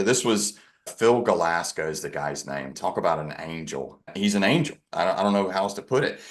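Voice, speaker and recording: Male podcast guest, very low register, candid self-deprecating storyteller. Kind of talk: personal storytelling in conversation.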